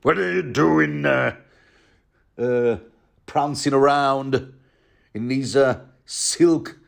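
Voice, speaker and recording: A man's voice: mid-range voice, extremely slow, vocal fry, voice pushed up, exaggerated voice. A man voicing a brash, blustering northern lord who mocks and laughs as he speaks. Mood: bellowing mockery. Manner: mocking, laughing while talking.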